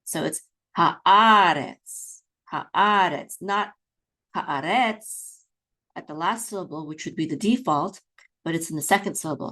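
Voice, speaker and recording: A woman's voice: lowish voice, fairly bright tone. A woman teaching beginners to read Hebrew, patiently sounding out words and checking in often. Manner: patient, repeats words slowly, chants trope melodies; frequent checking "okay?" with fillers. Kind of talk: beginner lesson, slow patient explanation.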